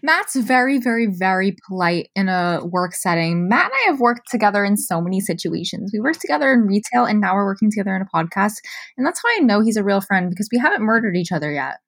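A woman's voice: mid-range voice, big pitch swings, fast, vocal fry, a bit bright, dry recording, clean studio sound. A woman co-hosting a podcast, chatting in a teasing way. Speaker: podcast co-host. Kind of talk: casual chat.

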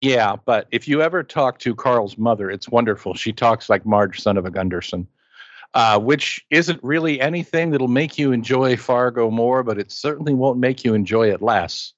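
A man's voice: mid-range voice, normal speed, no room sound, muffled recording. A man co-hosting a casual movie chat, enthusiastic and rambling, with playful asides. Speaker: podcast co-host.

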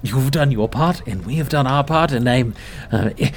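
A gleeful leader stumbles cheerfully toward his news, as a man puts him on. His pitch rises and falls a lot, and faint ambient noise sits behind him. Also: animated, moderate pace, lightly acted.

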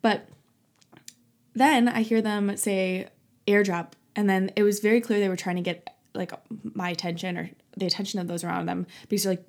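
A woman's voice: mid-range voice, normal speed. Chatty twenty-something woman telling a story, lots of likes and ums, laughs a bunch. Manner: chatty and animated, frequent "like" and "um", laughing often. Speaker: podcast host. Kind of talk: casual storytelling monologue.

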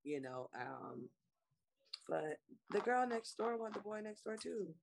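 A young woman in casual chat, relaxed and slangy, often pausing with fillers to search for words. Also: mid-range voice, creaky, a little hiss or hum.

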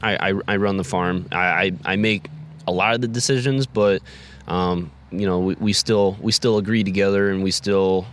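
A man who manages a farm, answering interview questions in a halting way with many fillers and repeated words. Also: deep voice, steady tone, a bit bright, slight background noise.

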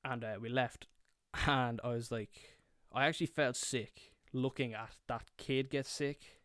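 Young Irish man, comic storyteller, foul-mouthed, smooth mid-pitched voice, dry sound. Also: steady tone, measured pace, a bit bright, no echo. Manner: swears a lot, acts out his younger self and friends.

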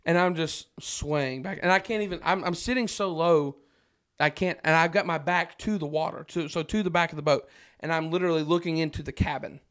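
A man's voice: on the high side, a little fast, a bit bright, clear, resonant tone. A man from Arkansas, a podcast guest, telling a story in casual chat and acting out his own panic.

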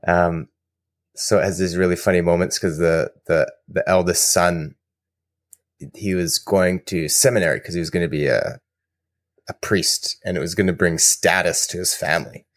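A man co-hosting a podcast, telling rambling, animated stories in casual chat. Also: low voice, moderate pace, no echo, clean studio sound. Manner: rambling, animated storyteller with fillers. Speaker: podcast co-host.

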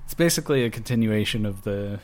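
A man in casual chat, talking slowly and rambling with lots of fillers. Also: lowish voice, expressive. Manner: slow, rambling, many fillers. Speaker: guest. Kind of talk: casual chat about comic books.

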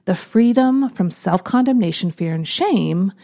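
Earnest woman with a gravelly fry. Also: mid-range voice, expressive, measured pace. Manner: earnest, reflective, often trailing off softly. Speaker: podcast host. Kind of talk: personal storytelling on a podcast.

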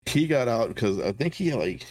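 A man's voice: medium pitch, sing-song, moderate pace, a little mellow, dry recording. A middle-aged military veteran co-hosting a podcast, telling stories in casual, profane chat and often laughing at his own punchlines.

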